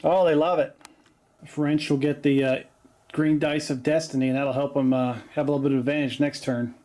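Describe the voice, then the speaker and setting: A man's voice: a little high, little pitch movement, a little fast, darkish tone. A man hosting a tabletop wargame battle report, calling dice rolls in a chatty, joking way with lots of fillers. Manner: chatty, jokey, frequent "uh" fillers. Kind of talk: casual battle report commentary. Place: home basement.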